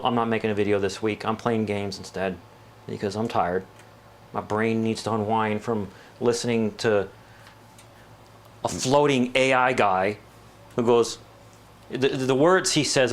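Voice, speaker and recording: A man's voice: medium pitch, a bit bright, slight background noise. A man chatting casually and rambling with jokes while working on a computer build. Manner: rambling, joking, mimics voices. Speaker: PC building vlogger.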